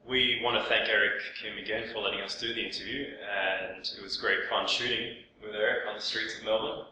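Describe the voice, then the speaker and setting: Bright-voiced co-host in an echoey room. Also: male voice, lowish voice, steady tone, fairly quick. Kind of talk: casual show wrap-up. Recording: very echoey room with faint noise.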